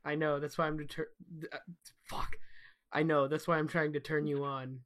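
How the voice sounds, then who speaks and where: A man's voice: fairly high pitch, little pitch movement, normal speed, a bit bright. A young man co-hosting a podcast, chatting in a loose, playful way. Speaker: podcast co-host. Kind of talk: casual chat among friends.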